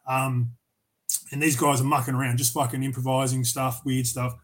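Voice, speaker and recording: An Australian man of average pitch talks as a guest on a podcast. He tells loose, rambling stories, swears often and restarts his sentences. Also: flat delivery, moderate pace, fairly bright tone, rough recording. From Tasmania, Australia. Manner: profane, rambling anecdotes with many restarts. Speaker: podcast guest, metal vocalist. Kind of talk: casual storytelling interview.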